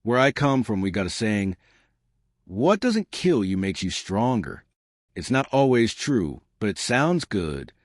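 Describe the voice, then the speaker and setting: A man's voice: on the low side, very animated, unhurried, no room sound. A man voicing a tough, injured male human captain who talks in a casual, dry-humored way. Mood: wry. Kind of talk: audiobook narration.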